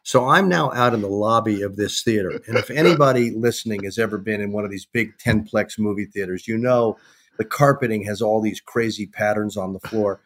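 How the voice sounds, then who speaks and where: A middle-aged man, a guest on a podcast, telling a lively anecdote and acting out the dialogue of the people in it. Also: on the low side, fairly quick. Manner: animated anecdote-telling, acts out quoted dialogue. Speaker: sports television executive, guest. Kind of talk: casual storytelling in a podcast interview.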